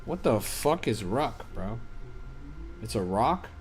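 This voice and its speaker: Medium-pitched, very animated yet slow-paced, the man streams as a crypto trader over a faint hiss or hum. He answers his chat casually and offhandedly, often swearing.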